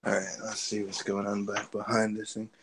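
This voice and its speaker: A man's voice: on the low side, completely flat delivery, fairly quick, background noise. A man chatting and joking over a video call, rambling and muttering to himself while fixing his computer. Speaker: guest artist. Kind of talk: casual chat during a video call.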